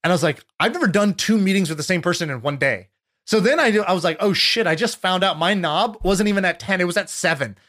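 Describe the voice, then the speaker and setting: Animated man telling stories on a podcast. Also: sits high, fast talker. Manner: animated storyteller, acts out quotes. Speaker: podcast host. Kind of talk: casual conversation.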